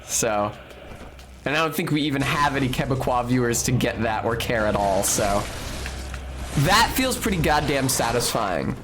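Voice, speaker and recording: A man's voice: medium pitch, animated, normal speed, noisy background. Rambling, foul-mouthed male game streamer. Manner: rambling, joking and profane, with frequent fillers. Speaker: game streamer talking to chat. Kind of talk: casual live-stream chatter while playing.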